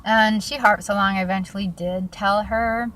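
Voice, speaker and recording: A woman's voice: mid-range voice, steady tone, moderate pace, fairly bright tone, slight background noise. Chatty woman telling stories with laughs. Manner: chatty, laughs often, many fillers. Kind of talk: casual storytelling vlog.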